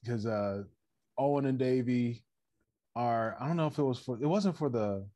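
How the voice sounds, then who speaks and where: A man's voice: medium pitch, normal speed, mellow, no room sound. A man in casual chat, animatedly retelling a story, acting out quotes and swearing freely between laughs.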